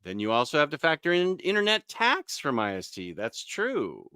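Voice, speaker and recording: An easygoing man hosts a live stream and chats his way through viewer comments, loose and conversational. His voice is bright and forward, and it comes through clean and smooth. The sound is close and dry, with no room around it. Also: a little high, huge pitch swings, normal speed, dry recording. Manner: easygoing, chatty, with frequent fillers and mild self-corrections.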